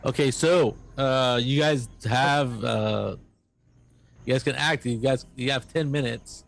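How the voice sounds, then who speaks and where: A man narrating as game master of a tabletop role-playing game, halting and full of fillers. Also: mid-range voice, vocal fry. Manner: halting, filler-heavy narration with quick voices for NPCs.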